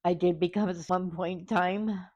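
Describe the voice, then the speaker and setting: A woman vlogger talking candidly and hesitantly, pausing often and close to tears. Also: fairly low pitch, steady tone, darkish tone, highs cut off. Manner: halting and hesitant, many pauses; openly vulnerable, close to tears. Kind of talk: candid personal vlog.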